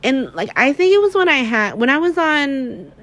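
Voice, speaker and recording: A young woman in casual chat, recapping soap opera episodes in a chatty, animated way, full of fillers and swearing. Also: high-pitched, normal speed, lo-fi sound. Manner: chatty, filler-heavy, profane, animated retelling.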